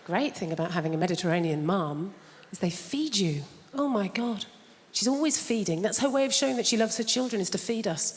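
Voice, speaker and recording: A woman's voice: mid-range voice, animated, brisk. Brash, chatty female stand-up, in a long hall echo. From England. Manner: brash, chatty, teasing the audience. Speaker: stand-up comedian. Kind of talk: stand-up comedy. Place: large theatre stage. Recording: reverberant theatre with loud noise.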